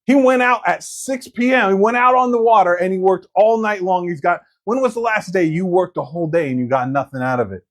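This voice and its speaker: Male preacher, sermon, higher-pitched voice, conversational, jokes around, acts out quotes. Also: a little fast, few pauses. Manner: animated, conversational and joking, acting out quotes.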